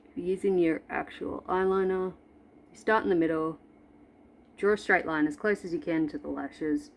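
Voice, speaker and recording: A woman's voice: fairly low pitch, steady tone, moderate pace, a little hiss or hum. A woman in her forties chatting through a makeup tutorial at home, playful and self-deprecating. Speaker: makeup vlogger. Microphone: camera in front of her.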